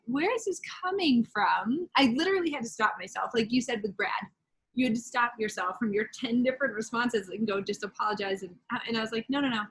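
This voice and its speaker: A woman hosting a casual faith chat, animated and storytelling, with quoted asides and frequent laughs. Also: on the high side, husky, rough recording. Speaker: podcast host.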